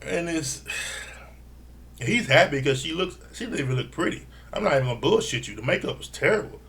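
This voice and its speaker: A man giving a blunt, profane casual recap of a reality TV episode, laughing often and mimicking people in a higher voice. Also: very animated, fairly quick, fairly bright tone. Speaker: reality TV reviewer.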